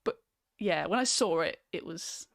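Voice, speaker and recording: A woman's voice: on the low side, lively intonation, a little slow, creaky, no echo, studio quality. A woman hosting a casual livestream film chat, talking loosely with many ums and reading out viewer comments. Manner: chatty, reads out viewer comments, frequent ums. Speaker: host.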